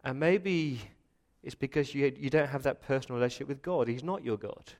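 In a church, a middle-aged Australian pastor preaches a sermon in a mid-range voice, speaking a little fast. He moves from quiet reflection to loud, impassioned pleading.

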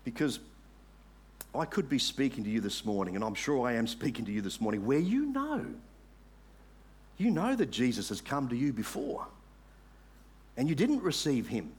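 A man preaching a sermon, making earnest appeals to the congregation and reading scripture aloud slowly. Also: mid-range voice, big pitch swings, darkish tone, husky. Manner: earnest, rising to emphatic appeals.

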